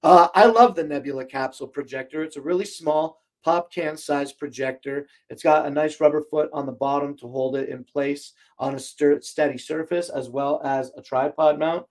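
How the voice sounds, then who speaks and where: A man's voice: on the high side, steady tone, moderate pace, few pauses, a little mellow. Chatty man with a strained voice. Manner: rambling, chatty, many fillers and restarts. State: strained, breaking voice. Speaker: livestream shopping host. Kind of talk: casual livestream product chat. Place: home studio room. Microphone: desk microphone, more than an arm's length away.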